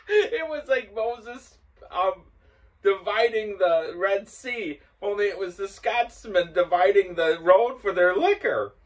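Older man telling animated stories. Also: sits high, takes it slowly. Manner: animated, grows loud and laughing as the story builds. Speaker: host. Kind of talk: casual storytelling.

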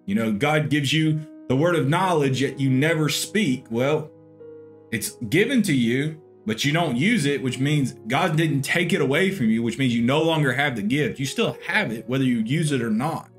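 A man's voice: medium pitch, animated, normal speed, soft background music. A man, a pastor, teaching a Bible lesson in an earnest, conversational way. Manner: earnest, conversational, with frequent "you know".

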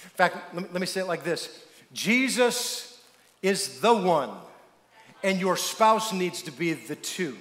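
A male pastor delivers an emphatic sermon in a high voice, pausing to throw questions to the congregation so they can complete his thoughts. His voice echoes around a large church sanctuary, with a long reverb tail. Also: fairly bright tone, slight background noise.

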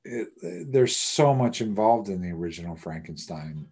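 A man co-hosting a live horror podcast, animated and joking, swearing casually. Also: lowish voice, normal speed, gravelly. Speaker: podcast co-host.

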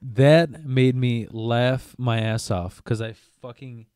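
A man's voice: medium pitch, slow pace, a little mellow, smooth, dry recording, studio quality. Crude, laughing man on a podcast. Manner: crude, laughs at his own stories. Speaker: podcast co-host. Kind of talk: casual podcast chat.

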